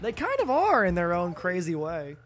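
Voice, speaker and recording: A man's voice: high-pitched, huge pitch swings, moderate pace, fairly bright tone, soft background music. A tired, sleepy man streaming a game late at night, rambling in casual chat with lots of fillers and restarts that trail off.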